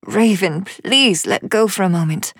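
A woman's voice: mid-range voice, unhurried, vocal fry, a bit bright, slightly rough, dry recording, studio quality, exaggerated voice. A woman voicing a harried, exasperated young mother who raises her voice and calls out urgently in a storybook reading.

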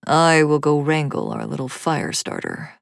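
A woman voicing a tall, affectionate father who speaks in a low, easy, gently amused way in a storybook reading. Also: huge pitch swings, a little slow, vocal fry, no room sound, clean studio sound, full character voice. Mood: fond.

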